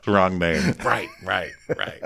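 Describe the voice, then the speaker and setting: Male podcast co-host, lowish bright voice, quick jokes, casual chat. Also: creaky. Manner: quick, joking, breaks into laughs.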